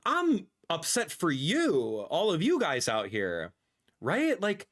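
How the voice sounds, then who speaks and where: A young man streaming a live reaction, ranting and exasperated, with sudden loud outbursts. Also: sits high. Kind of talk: casual livestream reaction.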